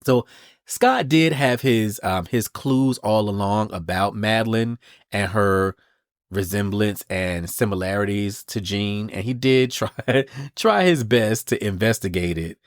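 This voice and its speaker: A man hosting a podcast, recapping a comic book in an animated, casual way with the odd swear word. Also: lowish voice, measured pace, no echo, studio quality. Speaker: podcast host.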